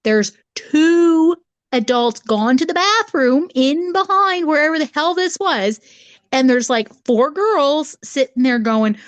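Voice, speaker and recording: A woman with a Canadian accent, telling a campfire story in casual, animated chat as a podcast co-host. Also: sits high, measured pace, no room sound.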